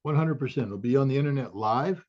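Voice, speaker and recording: Male guest, halting and filler-heavy, prone to fiery bursts; husky, muffled recording. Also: mid-range voice, lively intonation, darkish tone. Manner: halting, many fillers, swells into fiery outbursts. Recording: dull lo-fi audio.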